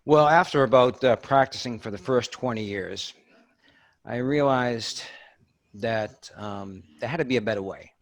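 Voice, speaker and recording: A man's voice: mid-range voice, unhurried. An older man with a Boston accent, a dentist telling his story as a podcast guest. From Boston area, USA. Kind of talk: podcast interview.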